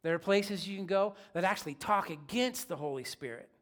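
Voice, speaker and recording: A man's voice: sits high, a little fast, fairly bright tone. A man preaching a sermon as pastor, in a casual, joking, conversational way.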